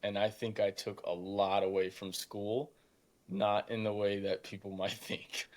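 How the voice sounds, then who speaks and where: A man's voice: fairly low pitch, unhurried. An eighteen-year-old man, a podcast guest, telling stories in casual talk, mocking the people he quotes and saying "dude" a lot. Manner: animated storytelling, mocking quoted voices, says dude. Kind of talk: casual interview chat.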